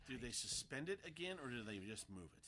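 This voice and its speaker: Radio co-host dude, bright and punchy, talks quick, jokey and full of questions. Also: male voice, mid-range voice, sing-song. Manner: casual, joking, questioning. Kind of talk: sports radio talk.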